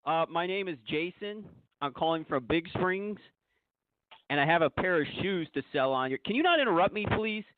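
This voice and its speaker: A man's voice: a little high, lively intonation, moderate pace, dry recording. Insistent male caller on a phone line. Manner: insistent, keeps repeating himself and asking not to be interrupted. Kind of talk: call-in phone conversation. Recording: dry, tinny phone line.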